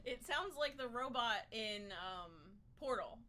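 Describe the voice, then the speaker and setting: A woman's voice: on the high side, lively intonation, measured pace, sharp tone, a little hiss or hum. A woman co-hosting a casual livestream, teasing her partner with dry banter. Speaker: co-host. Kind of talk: casual chat.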